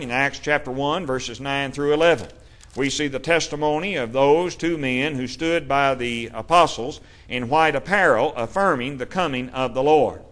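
A man's voice: mid-range voice, a bit bright. A man preaching a sermon, teaching steadily and rising in force when he reads scripture aloud. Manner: measured Bible teaching with emphatic scripture readings.

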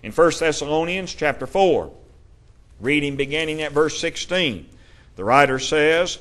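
A man's voice: on the high side, animated, a bit bright. A man preaching a sermon, teaching steadily and rising in force when he reads scripture aloud. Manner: measured Bible teaching with emphatic scripture readings.

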